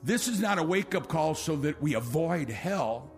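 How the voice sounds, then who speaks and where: A male pastor delivers a sermon, his voice a little higher than most men's. He swings between rising, loud calls and hushed, low appeals, acting out quotes as he leads toward an altar call. Soft instrumental music plays faintly behind him. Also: animated, normal speed.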